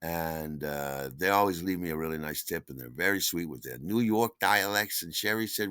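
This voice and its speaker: Low-voiced man telling a rambling story. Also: moderate pace, no echo. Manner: rambling, animated, acts out others' shouts. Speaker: podcast storyteller. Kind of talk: casual spoken memoir.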